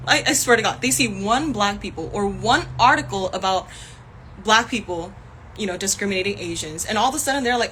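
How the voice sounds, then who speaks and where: A woman's voice: mid-range voice, expressive, moderate pace, bright, forceful tone, slight background noise. Young woman ranting angrily on a phone. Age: young adult. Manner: angry, heated, swears often, laughs in frustration. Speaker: actor streaming live. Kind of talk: casual livestream rant.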